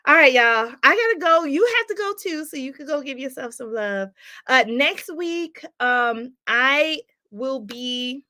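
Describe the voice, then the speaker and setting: Woman coach on a live stream, high bright voice, laughs a lot, preachy hype. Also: measured pace, dry recording, clean studio sound. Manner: animated, laughs often, preacherly call-and-response. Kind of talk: casual live-stream chat, reading viewer comments.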